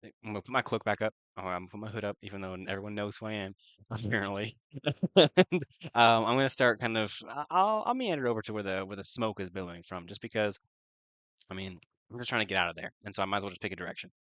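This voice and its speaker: A man's voice: on the low side, fast, a bit bright, dry recording. A man playing a tabletop game, chatting casually, thinking aloud and laughing easily. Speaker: player. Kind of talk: casual tabletop role-play chat.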